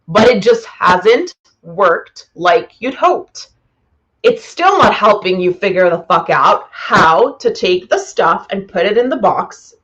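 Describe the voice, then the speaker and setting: A woman's voice: mid-range voice, dull audio. A woman business coach talking bluntly to a live audience, swearing freely and rambling. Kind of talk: live-streamed masterclass.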